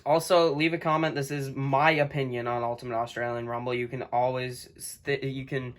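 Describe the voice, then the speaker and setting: A man's voice: medium pitch, little pitch movement, moderate pace. A young man casually narrating imagined animal fights, playful and prone to laughing at his own slips. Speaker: channel host. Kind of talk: casual narration of a book-based animal tournament.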